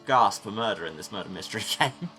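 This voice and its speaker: A man's voice: fairly low pitch, lively intonation, fast, pushed and bright. A man hosting a let's play, commenting on the game with dry, sarcastic quips, with game music running behind him.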